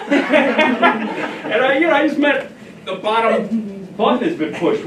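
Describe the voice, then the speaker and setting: A man's voice: sits high, expressive, moderate pace, fairly bright tone, slight background noise. Man giving a casual workshop talk. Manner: casual, anecdotal, laughs at own stories. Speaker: trainer. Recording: echoey room, heard from a distance.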